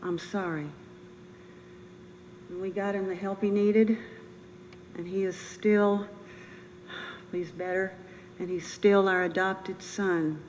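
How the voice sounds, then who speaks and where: An older woman giving a personal memorial speech as a bereaved military mother, earnest, halting and emotional. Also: medium pitch, little pitch movement, darkish tone. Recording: reverberant room with faint noise.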